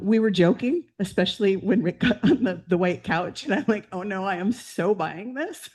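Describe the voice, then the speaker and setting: A woman in her fifties, president-elect of a club, talking casually and warmly through family photos at a meeting, with frequent "um"s. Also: sits low. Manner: chatty and heartfelt, with fillers and laughs. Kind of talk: personal slideshow talk to a club meeting. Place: meeting room.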